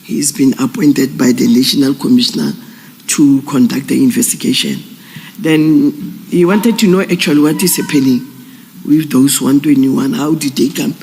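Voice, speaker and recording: A man, a police general testifying formally at an inquiry in a halting, measured way with frequent fillers. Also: mid-range voice, steady tone, creaky, darkish tone, big-room sound, poor audio.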